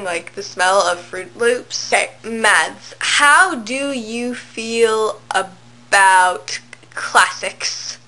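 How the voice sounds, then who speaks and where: A woman's voice: mid-range voice, bright, forceful tone, rough recording. A young woman book vlogger chatting to her webcam at home, rambling, giggly and self-mocking. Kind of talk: casual chat to camera.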